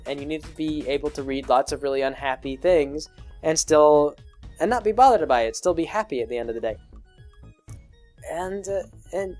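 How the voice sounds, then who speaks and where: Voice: medium pitch, a little mellow. A video creator answering patron questions in a casual, rambling monologue full of fillers and restarts. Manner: acts out quoted people in a raised voice.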